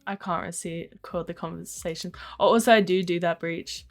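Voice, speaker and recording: A young Australian woman livestreams, telling chatty stories packed with "like," swearing and frequent laughter. Her voice sits on the low side with a steady tone and moderate pace, over soft background music.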